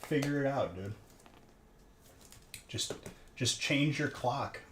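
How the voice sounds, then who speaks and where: Late at night, a man opens card packs on a live stream, rambling and trading jokes with his chat in casual conversation. His voice is medium-pitched and a little bright, and he speaks slowly. The room is echoey, with background noise audible.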